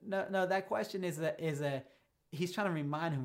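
A man preaching a sermon as a pastor, telling stories in a casual, conversational way and shifting his pace for emphasis. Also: on the high side. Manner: casual storytelling preacher, speeds up and slows down for emphasis.

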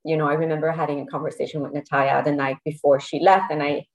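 A woman talking as a podcast guest, emotional and hesitant, pausing to search for words. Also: deep voice, little pitch movement, a little mellow, low-quality recording. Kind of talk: casual podcast interview.

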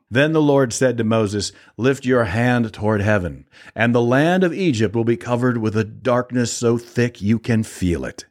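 Brief: male podcast host, daily scripture reading, low voice, calm and steady. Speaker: Bible reader and podcast host.

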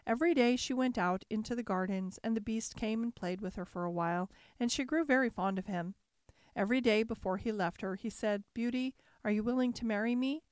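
Woman calmly narrating a fairy tale. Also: mid-range voice, fairly quick, no room sound, clean studio sound. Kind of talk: storybook narration.

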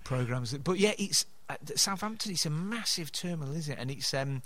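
A man's voice: a little high, animated, brisk, pushed and bright. A man, co-hosting a podcast in casual chat, chatty and laughing often. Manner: chatty, laughs often, does funny voices in stories. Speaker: podcast co-host.

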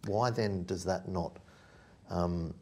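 A man's voice: low-pitched, slow, darkish tone, husky. A man in a thoughtful academic discussion, searching for his words and correcting himself as he raises questions. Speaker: podcast discussant.

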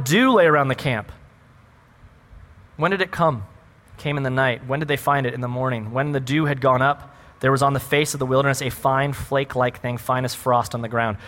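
A man preaching a sermon as a pastor, animated and full of rhetorical questions. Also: mid-range voice, long reverb tail.

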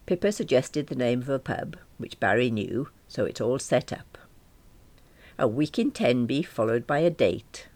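Woman reading a diary story, wry and dry, gravelly, lots of ups and downs. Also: extremely low pitch, a little mellow, no echo. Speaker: reader. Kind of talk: diary-style story narration.

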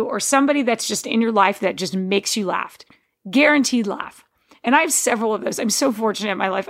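A woman's voice: mid-range voice, gravelly, fairly bright tone. A woman hosting a podcast, talking in a rambling, digressive casual monologue with frequent restarts. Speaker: podcast host.

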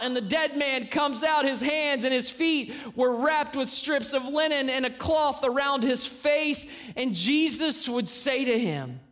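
Very high-voiced fervent male preacher. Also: a bit bright. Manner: fervent preaching, repeats phrases, calls out to the congregation. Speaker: pastor. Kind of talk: sermon.

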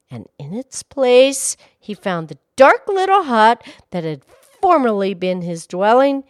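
Female storyteller, slow and expressive, animated pitch. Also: no room sound, studio quality. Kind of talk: reading a fairy tale aloud.

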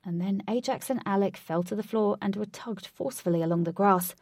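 A woman's voice: medium pitch, fairly quick, a little mellow, no echo. Woman narrating a storybook, dry and close.

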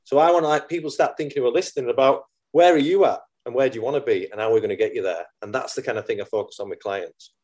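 A man's voice: mid-range voice, fast talker, hardly any pauses, darkish tone. A middle-aged man from the UK with a British accent, speaking as a positive, earnest mindset coach in casual interview chat.

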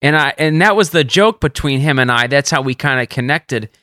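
A man co-hosting a casual podcast, telling stories with lively energy and jumping up in pitch whenever he quotes someone. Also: brisk, no echo, clean studio sound. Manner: animated storyteller, jumps up in pitch for quotes. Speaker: caddie podcast co-host. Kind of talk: casual storytelling chat.

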